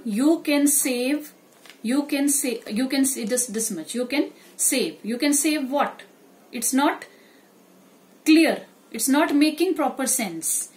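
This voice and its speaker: Woman, teacher, high voice, slow deliberate delivery, grammar lesson. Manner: slow, explains step by step, repeats examples.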